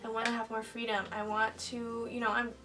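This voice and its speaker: A woman's voice: fairly high pitch, completely flat delivery, a little fast, distant mic, rough recording. A woman in her twenties talking candidly while doing her makeup, heartfelt and rambling, choked up at times. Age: 20s. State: getting emotional, choked up. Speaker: beauty vlogger. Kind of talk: get-ready-with-me vlog chat. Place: indoors at home, doing makeup.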